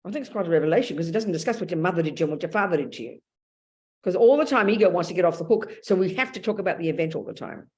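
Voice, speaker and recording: A woman's voice: lowish voice, lively intonation, racing, a little mellow. A woman with an Australian accent giving a blunt, emphatic dharma talk as a Buddhist nun, calling her listeners darling.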